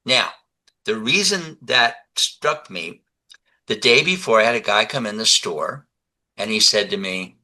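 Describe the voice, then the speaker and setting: An older man in his seventies talks as a guest in a relaxed interview. His voice is low and strikingly forceful, with a sharp edge. He tells stories with animation and acts out the dialogue. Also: unhurried, rough recording. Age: 70s. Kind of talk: conversational interview.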